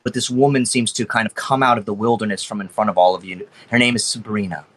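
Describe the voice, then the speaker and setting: A man's voice: lowish voice, fairly even intonation, fast, fairly bright tone. A man narrating as game master, casual and rambling, with frequent restarts.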